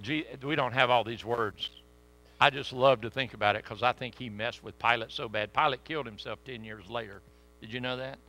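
A man preaching a sermon with sudden swings between loud emphasis and hushed asides. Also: medium pitch, steady tone, fairly quick.

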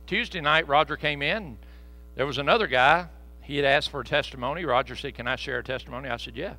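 Preacher, bright and folksy. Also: male voice, medium pitch, fast talker, no room sound, low-quality recording. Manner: folksy storytelling, swinging from soft asides to loud peaks. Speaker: pastor. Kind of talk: sermon. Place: church sanctuary. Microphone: handheld microphone.

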